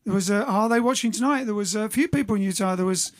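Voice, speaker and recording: A man's voice: high-pitched, fast talker. A man hosting his band's livestream in a cheerful, rambling, self-mocking way. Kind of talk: casual livestream chat.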